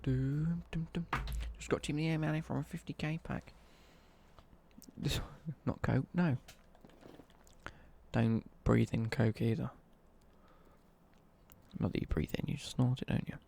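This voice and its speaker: A man's voice: mid-range voice, unhurried, gravelly, long pauses, a little mellow, slight background noise. A man live-streaming a football game and chatting cheekily with viewers, reading their messages out and joking back. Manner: cheeky, jokey banter, reads out chat messages.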